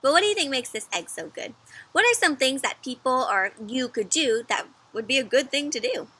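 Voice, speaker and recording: A woman reading a picture book aloud to children in a teacherly way, pausing often to ask them questions. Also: high voice, sing-song, sharp tone, slightly rough. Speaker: children's story reader. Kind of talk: interactive read-aloud for kids.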